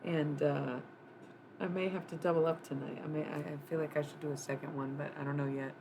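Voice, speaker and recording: A woman's voice: sits low, steady tone, fairly quick, gravelly, background noise. A woman livestreaming a casual psychic reading. She rambles loosely, swears freely and thinks aloud with lots of fillers. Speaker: live streamer giving a psychic reading. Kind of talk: casual live-stream chat.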